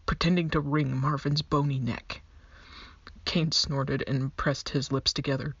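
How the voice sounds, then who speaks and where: A woman's voice: low-pitched, slightly rough, dry recording. A woman narrating her own original story with a wry, lightly humorous touch. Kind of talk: reading an original story aloud. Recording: dull lo-fi dry recording.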